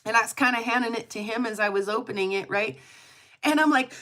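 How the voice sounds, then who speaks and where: Brisk and a little high, her voice sounds pushed and bright as she hosts her rock hounding channel. The woman gushes and giggles through casual chat, with frequent laughter and fillers.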